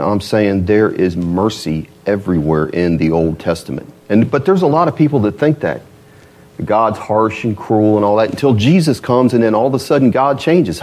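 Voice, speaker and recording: A man preaching a sermon as pastor, animated, asking rhetorical questions and acting out quoted voices. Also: medium pitch, husky.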